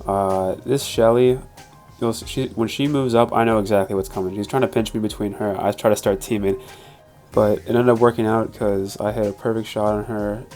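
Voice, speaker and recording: A congested young man giving relaxed, rambling commentary over a game replay, with lots of fillers. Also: on the low side, brisk, faint music behind. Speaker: gaming channel host. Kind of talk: casual gameplay commentary.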